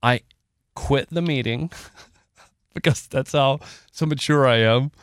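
A man co-hosting a casual podcast, winding through a long personal story with emotion and easy laughter. His mid-pitched voice is smooth and resonant, recorded close and dry. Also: slow, fairly bright tone, no echo. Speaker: podcast co-host. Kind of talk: casual chat.

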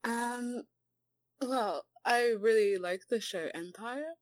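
A woman from Zimbabwe with a mixed Zimbabwean and British accent, calling in as a fan, hesitant and giggly with many pauses. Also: on the high side. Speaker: caller, a fan.

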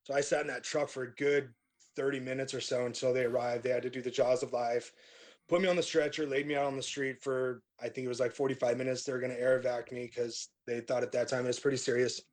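A middle-aged man talks through his past as a podcast guest. His delivery is relaxed and rambling, full of fillers and false starts. His voice sits at an ordinary, middle pitch for a man. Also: quick pace. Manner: laid-back, rambling, many fillers and restarts. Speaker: metal band vocalist, podcast guest. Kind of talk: casual interview storytelling.

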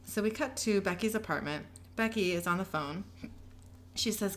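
A woman's voice: medium pitch, fairly bright tone. Casual woman narrating a recap. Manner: brisk storytelling that reads each character's lines. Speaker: podcast host recapping an episode. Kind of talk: casual recap reading out dialogue.

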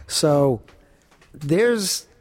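A man co-hosting a podcast, telling a story in casual chat, animated, swearing and laughing often. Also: fairly high pitch, drawn-out words, dry recording. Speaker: podcast co-host.

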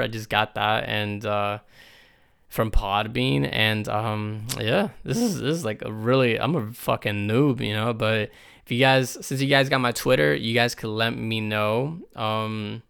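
Hoarse young guy with a raspy, gravelly voice, just rambling off the dome on his podcast, cussing a lot, tons of likes. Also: mid-range voice, measured pace, fairly bright tone. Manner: rambling, swears a lot, many fillers. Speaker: podcast host. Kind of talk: casual unscripted podcast monologue.

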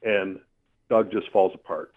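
A man telling a personal story in a casual, earthy, animated way, with mild swearing. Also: sits low, a little slow. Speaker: storyteller guest. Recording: tinny phone-line sound.

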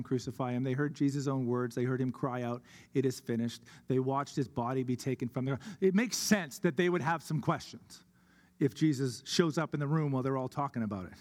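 A man preaching a sermon as pastor of a church, earnest, slowing down on key words for emphasis. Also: a little high. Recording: long hall reverb.

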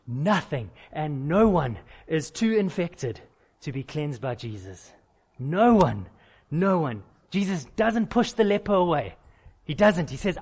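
A man delivering a sermon in a slightly high voice. He swings between loud, urgent appeals and soft, hushed promises. He leans on repetition to drive each point home. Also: sing-song, normal speed. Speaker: pastor.

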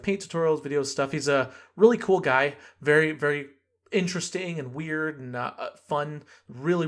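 A podcast host rambles through a casual story, full of fillers and restarts. His voice is medium-pitched with a fairly bright tone.

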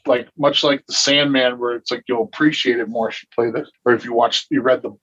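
A man's voice: medium pitch, steady tone, brisk, a bit bright, slightly rough. Guy on a podcast rambling, lots of uh and um, swears some, kinda dull audio. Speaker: podcast co-host. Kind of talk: casual chat. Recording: dull, slightly lo-fi sound.

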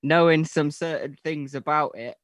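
A man's voice: fairly high pitch, moderate pace, no room sound. A man co-hosting a casual podcast, joking and trading playful banter. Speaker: podcast co-host. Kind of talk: casual chat.

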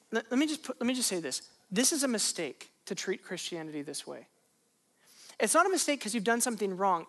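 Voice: medium pitch, fairly bright tone. A pastor preaching a sermon in a conversational way, asking rhetorical questions and repeating phrases for emphasis.

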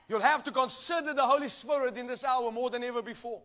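A man with a strikingly high voice delivers a sermon. He preaches emphatically, drawing call-and-response from the congregation and rising to shouted lines. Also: quick pace, hardly any pauses.

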